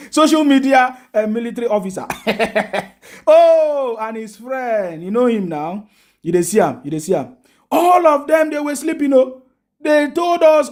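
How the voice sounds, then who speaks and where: Nigerian male political vlogger with a high voice who fires off taunting rhetorical questions. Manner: mocking, rhetorical questions, frequent laughter. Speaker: political commentator. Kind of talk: political commentary vlog.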